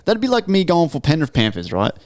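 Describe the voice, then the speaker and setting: A man's voice: on the high side, huge pitch swings, quick pace, dry recording, clean studio sound. A man co-hosting a casual podcast chat, loose and blunt, swearing freely. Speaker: podcast co-host.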